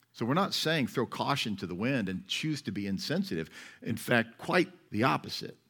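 A man preaching a sermon as pastor, talking in a conversational, wry way that swings between loud and soft. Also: mid-range voice.

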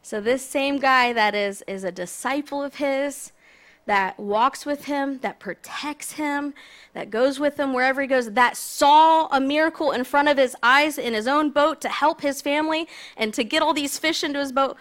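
Woman guest preacher, slightly high pitch, relaxed conversational sermon delivery. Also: moderate pace. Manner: casual, conversational, self-deprecating.

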